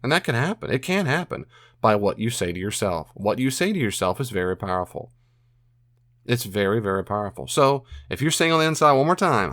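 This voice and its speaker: A man's voice: medium pitch, very animated, a little fast, a bit bright, no echo, clean studio sound. A man hosting a podcast, giving earnest Christian advice on anger and repeating phrases for emphasis. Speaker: podcast host answering a listener question.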